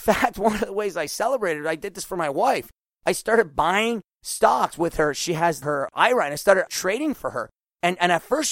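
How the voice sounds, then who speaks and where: A middle-aged man hosting a podcast, talking casually and acting out quoted voices with lively swings. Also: on the high side, no echo, studio quality. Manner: animated, acts out quoted voices. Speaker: podcast host.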